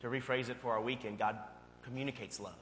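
A male pastor preaching a sermon and telling a personal story in a conversational, animated way. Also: medium pitch, fast talker. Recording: long hall reverb, faint hum.

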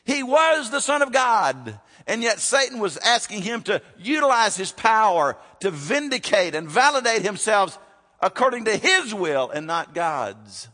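Dynamic preacher in an echoing hall. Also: male voice, sits high, big pitch swings, a little slow. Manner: dynamic, swings from loud to hushed, rhetorical questions. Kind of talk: sermon. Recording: long reverb of a large hall.

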